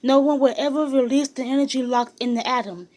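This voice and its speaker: Woman reading as a vehement shouting scientist. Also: high voice, steady tone, fairly quick, natural voice. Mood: angry. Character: angry middle-aged male scientist shouting. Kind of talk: audiobook reading.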